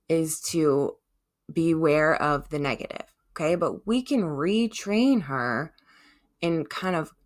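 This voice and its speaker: A woman hosting a self-help podcast, talking gently and encouragingly and often checking in with listeners. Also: low voice. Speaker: podcast host.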